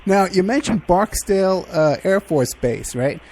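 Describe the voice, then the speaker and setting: A male radio host interviews his guest in a relaxed, chatty way, often stumbling over the start of a question. His voice sits a touch higher than most men's. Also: slight background noise. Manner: casual, conversational, halting questions. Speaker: radio talk show host.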